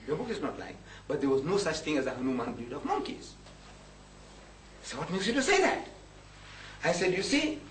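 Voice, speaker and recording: Brief: high-voiced, lively male lecturer, acts out dialogue, chuckles often; distant mic in an echoey hall. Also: a little hiss or hum. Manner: animated storyteller who acts out both sides of conversations; chuckles often while speaking. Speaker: speaker giving a talk. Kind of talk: storytelling lecture to a live audience.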